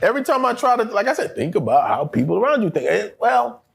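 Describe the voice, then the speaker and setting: A high, gravelly, husky voice delivered fast belongs to a middle-aged actor in a casual interview. He tells stories with animated profanity, frequent laughter, and impressions of the people he quotes.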